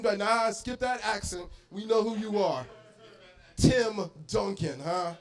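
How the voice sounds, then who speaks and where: A young adult man from Arizona doing an animated stand-up comedy set in a bar, with loud bursts and acted-out voices. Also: sits high, slow pace, vocal fry.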